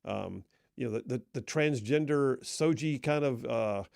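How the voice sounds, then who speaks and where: A man hosting live talk radio from a studio, energetic and folksy, restarting sentences often. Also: medium pitch, a little slow, vocal fry, no room sound. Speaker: radio talk show host.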